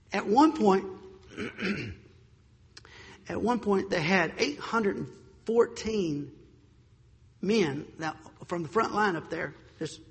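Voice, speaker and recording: A male preacher with a high-pitched voice delivers a sermon in an emphatic, deliberate way, drawing out the words he wants to land. He sometimes trips over a word and restarts. His voice rings out in a long hall reverb. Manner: emphatic, slows for stressed points, stumbles on words.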